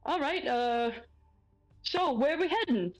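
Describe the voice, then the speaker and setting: A woman's voice: high voice, expressive, pitched above the performer's own voice, rough recording. A woman voicing an easygoing young male driver with a put-on Southern accent. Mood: casual. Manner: casual, halting delivery.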